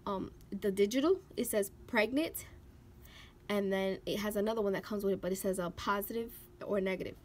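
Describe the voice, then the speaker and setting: A young woman with a mid-range voice shares a personal story from her life in a vlog, animated and emotional, sprinkling in "like" and dramatizing quotes. There's slight background noise.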